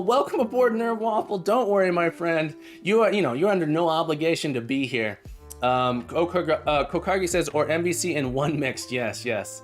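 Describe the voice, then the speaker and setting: Chatty guy on a coding stream, kinda high voice, upbeat, faint music under it. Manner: chatty and upbeat, reads and welcomes chat viewers; rambling, with many restarts. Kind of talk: casual live-stream chat. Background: faint background music.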